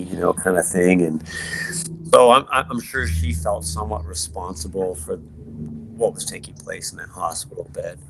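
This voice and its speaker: A man, a podcast guest, telling his personal story in an earnest, halting way with many fillers and restarts. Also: sits low, creaky, a little hiss or hum. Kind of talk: personal testimony in conversation.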